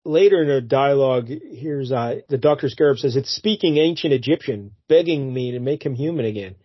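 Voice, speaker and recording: Husky man recapping a comic. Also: medium pitch, a little fast, no room sound. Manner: animated, puts on silly voices for characters. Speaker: podcast co-host. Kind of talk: casual chat recapping a comic. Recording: dull lo-fi dry recording.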